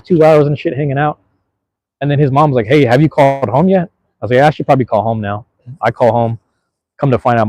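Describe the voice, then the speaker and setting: Young male podcast host from Seattle, quick casual storyteller, slangy and profane, dry close sound. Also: mid-range voice, darkish tone, no echo. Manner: laid-back, profane, slangy. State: out of breath.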